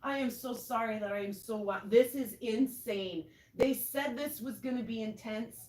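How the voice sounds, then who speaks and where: A woman's voice: on the high side, moderate pace, hardly any pauses, a little mellow, echoey room, recorded from a distance. A woman livestreaming from her backyard at night, breathless and overwhelmed, exclaiming at what she sees. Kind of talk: live-stream reaction.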